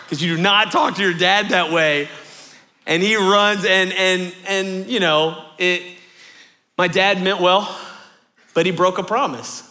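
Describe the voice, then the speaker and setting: A man in his thirties preaching a sermon, telling a story in lively fashion and repeating phrases for rhythm. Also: high-pitched, a little hiss or hum. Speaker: pastor.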